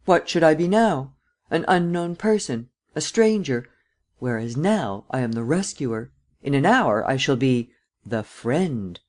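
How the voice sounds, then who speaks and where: A man voicing a calm, self-assured gentleman thief who talks in a measured, drily ironic way, in an audiobook reading. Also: mid-range voice.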